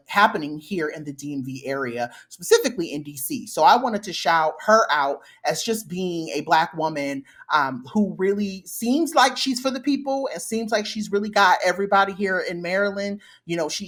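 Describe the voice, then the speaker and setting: A woman co-hosting a podcast in casual chat, animated and playful. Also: lowish voice. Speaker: podcast co-host.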